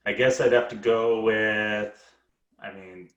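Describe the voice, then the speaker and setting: A soft-spoken man chatting as a podcast guest in a low-key way. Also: steady tone, slow, reverberant, muffled recording. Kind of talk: casual chat.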